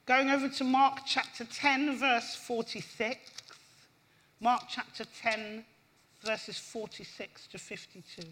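High, bright-voiced woman preaching. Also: fairly even intonation, slow, slight background noise. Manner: impassioned, rising pitch on emphasis. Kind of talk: sermon with scripture reading.

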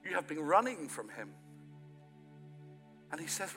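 A man from Ireland, the pastor of the church, preaching a sermon that swells loud in places and then falls to a quiet, intimate tone. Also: fairly high pitch, big pitch swings, unhurried. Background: soft music from the church band.

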